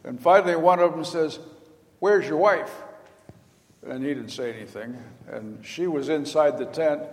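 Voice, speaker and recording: A man's voice: a little high, moderate pace. Older man preaching with a folksy, storytelling manner. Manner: folksy storytelling, acting out quoted lines. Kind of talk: sermon. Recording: long hall reverb.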